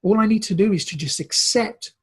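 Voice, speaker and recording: A man's voice: high voice, a little fast, breathy edge. A Brazilian-born man in recovery coaching, telling a personal story in an earnest, emotional way, often repeating words.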